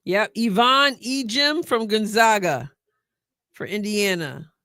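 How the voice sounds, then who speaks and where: A middle-aged woman hosting a live stream, chatting casually and excitedly as she reacts to a sports draft and answers her viewers. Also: medium pitch, slow, no echo, clean studio sound. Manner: chatty and excitable, thinking aloud and talking to chat viewers.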